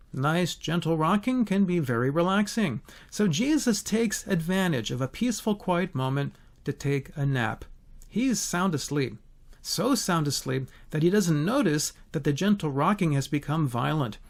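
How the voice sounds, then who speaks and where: A man teaching from the Bible, his voice sitting a little high and swinging widely in pitch. He tells the story expressively and stops often to ask rhetorical questions.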